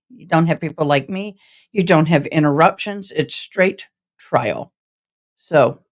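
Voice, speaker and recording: A woman hosting a casual live stream about a trial, chatting with viewers in a rambling, passionate, direct way. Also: fairly low pitch. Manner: self-described passionate and direct.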